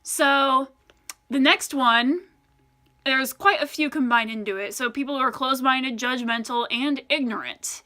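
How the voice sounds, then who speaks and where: A young woman from the United States rants to camera in an unedited vlog. Her voice sits high and sounds bright and sharp. She talks in an exasperated, profane way, full of "like"s. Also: a little slow. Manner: profane, exasperated ranting with frequent "like". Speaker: vlogger.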